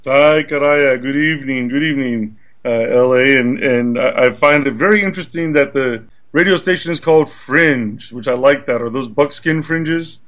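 A man's voice: mid-range voice, a bit bright. Easygoing man giving wry interview answers. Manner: joking, measured, easygoing. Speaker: radio guest.

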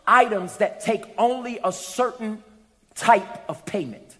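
A man voicing a polite female boutique clerk who calmly and firmly refuses his payment. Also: sits high, unhurried. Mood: politely firm. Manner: calm, apologetic, firm. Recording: echoey hall.

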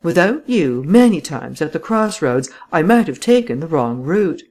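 A reader giving measured, dramatic first-person audiobook narration. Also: medium pitch, big pitch swings, darkish tone.

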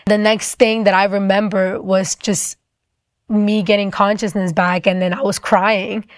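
A woman's voice: mid-range voice, level tone, no echo, studio quality. A young woman telling a personal faith testimony in a casual, chatty way, full of "like" and acted-out quotes. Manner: casual, fast-paced, lots of "like", acts out quoted voices. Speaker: guest telling her testimony.

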